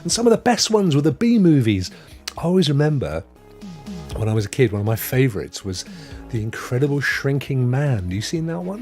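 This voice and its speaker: A middle-aged man with a medium-pitched, somewhat dark voice hosts a live stream. He chats along, reads viewer comments, and greets people by name.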